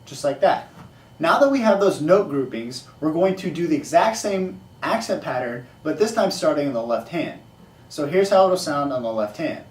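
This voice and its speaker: A man's voice: fairly high pitch, lively intonation, moderate pace, distant mic. A man teaching a drumming exercise, explaining sticking and counting rhythms aloud. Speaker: drum teacher. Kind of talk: casual instructional explanation. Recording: echoey room, off-mic, noisy.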